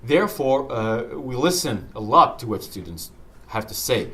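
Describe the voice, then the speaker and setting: A man, a university French professor whose first language is French, talks lively on stage, with many fillers and restarts. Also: medium pitch, normal speed. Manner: animated, storytelling, hesitant fillers. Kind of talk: interview talk on stage. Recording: echoey room, far from mic, faint noise.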